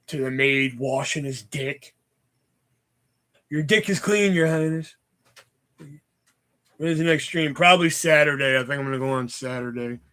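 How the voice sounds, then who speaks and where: A man's voice: medium pitch, pushed and bright. A man hosting a casual livestream, chatting with viewers in a profane, joking, rambling way. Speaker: livestream host.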